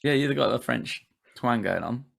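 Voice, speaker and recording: A man's voice: medium pitch, moderate pace, creaky, a bit bright. A man hosting a casual podcast recap, chatty, laughing often and swearing casually. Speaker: podcast host.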